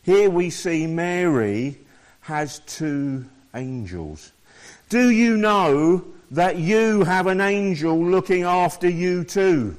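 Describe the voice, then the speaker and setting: Slow, higher-voiced male preacher. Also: lively intonation. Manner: reads scripture aloud and explains it to listeners. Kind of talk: sermon.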